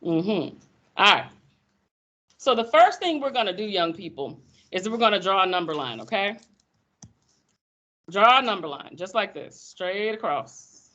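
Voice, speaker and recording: A woman teaching math in a classroom, lively and folksy, teasing her students as she explains. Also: mid-range voice, measured pace, pauses often, dull audio. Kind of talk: classroom lecture.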